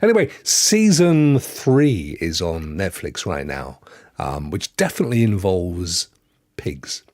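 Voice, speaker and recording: A man's voice: deep voice, very animated, takes it slowly, a little mellow, dry recording, studio quality. A man in his fifties from Devon with a West Country English accent, co-hosting a gaming podcast with teasing, jokey banter. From Devon, England. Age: 50s. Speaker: podcast co-host. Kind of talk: casual banter.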